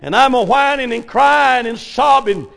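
An older man preaching a folksy revival sermon, telling stories and rising to sudden shouts. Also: very high-pitched, lively intonation, a little slow, gravelly. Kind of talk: old-fashioned revival sermon.

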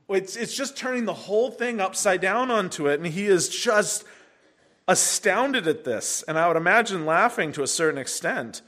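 A man preaching an expository sermon, animated, acting out the voices of the people in the text. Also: high voice, normal speed. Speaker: pastor.

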